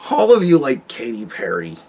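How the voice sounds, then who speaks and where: Slow-talking exasperated ranting man. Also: medium pitch, a bit bright. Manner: exasperated, profane, sarcastic, many restarts. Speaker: podcast host. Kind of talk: casual solo rant.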